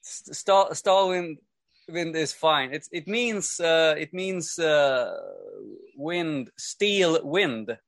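Swedish man, hesitant and a bit high. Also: extremely slow, fairly bright tone, dry recording, clean studio sound. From Sweden. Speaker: guest musician. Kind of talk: casual video call chat.

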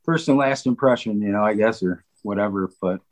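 A man's voice: on the low side, fairly quick, poor audio. A man telling stories in a casual podcast chat, rambling with many fillers and quoted asides. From Cleveland, Ohio. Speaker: guest drummer.

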